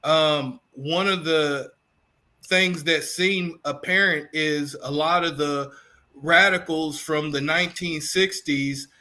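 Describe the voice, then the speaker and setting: A man from Kentucky with a Southern accent, a guest teacher answering in a measured, thoughtful way on a video call. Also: a little high, steady tone, pushed and bright. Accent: Southern American. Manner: measured, thoughtful, many fillers. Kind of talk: interview answers.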